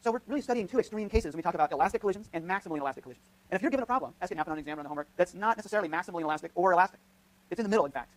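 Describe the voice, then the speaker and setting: A man's voice: high-pitched, lively intonation, racing. A man lecturing on physics in a lecture hall, thinking aloud with frequent restarts and "right?" checks as he runs a live demonstration. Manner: thinks aloud, many restarts and tag questions. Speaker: physics professor.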